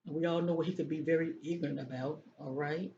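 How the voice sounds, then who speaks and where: Fast and mellow, a steady mid-range voice goes through tarot cards in an easygoing reading by a psychic. Repeated phrases and frequent "okay?" check-ins fill the dull, faintly noisy lo-fi recording.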